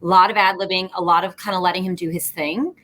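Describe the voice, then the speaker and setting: A woman's voice: fairly low pitch, fairly even intonation, quick pace, a bit bright. A woman guesting on a podcast, chatting casually and bubbly about a film, leaning heavily on fillers. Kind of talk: casual movie chat.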